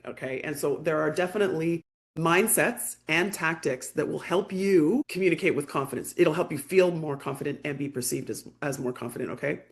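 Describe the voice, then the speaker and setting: A woman coach talks a group through confidence skills on a video call, her voice carrying a gravelly fry. She speaks conversationally and often acts out quoted back-and-forth as she tells stories. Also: low voice, moderate pace. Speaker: communication coach.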